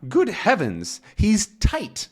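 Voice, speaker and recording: A man reading out a young male reporter from a comic in a brisk, reproachful tone. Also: high-pitched, huge pitch swings, a little mellow, breathy edge, voice pushed up, exaggerated voice. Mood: cheerful.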